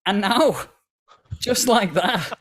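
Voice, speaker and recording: A man co-hosting a football podcast, chatty and halting with many restarts. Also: sits high, a bit bright, slight background noise. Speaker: podcast co-host. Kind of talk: casual chat.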